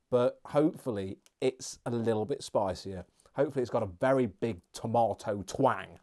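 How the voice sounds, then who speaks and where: A man's voice: mid-range voice, moderate pace, mellow. A man reviewing beer and snacks in a casual, chatty, jokey vlog with rambling asides.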